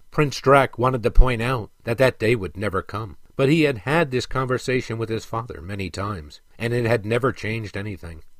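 Man narrating an audiobook, expressive. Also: dry recording. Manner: measured storytelling, dropping low and soft on speech tags. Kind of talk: audiobook narration of a fantasy story.

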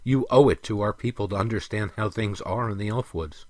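A man reading the part of a stern, weary elf king who lectures his son in a firm, measured way. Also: lowish voice, darkish tone, no echo, close to an everyday voice. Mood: earnest.

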